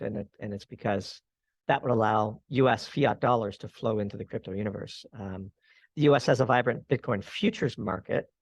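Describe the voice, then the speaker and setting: A man's voice: mid-range voice, vocal fry, husky, no room sound. A man as a podcast guest, giving long analytical answers in an interview. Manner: analytical, explains at length. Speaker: guest commentator.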